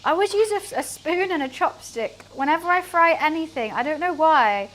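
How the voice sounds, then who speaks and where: Here her voice sits high and expressive, a bit bright, at a moderate pace. The woman livestreams her cooking from a home kitchen, chatting casually with viewers and self-deprecating as she goes, with faint frying sizzle in the background.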